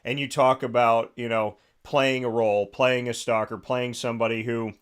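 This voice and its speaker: A man hosting a radio interview, talking in a relaxed, reflective way. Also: medium pitch, normal speed, smooth. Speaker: radio show host. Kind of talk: casual interview talk.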